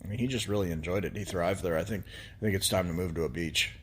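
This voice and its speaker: A man co-hosting a podcast in casual chat, easygoing and halting, with lots of fillers and restarts. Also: deep voice, a bit bright, slight background noise. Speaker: podcast co-host.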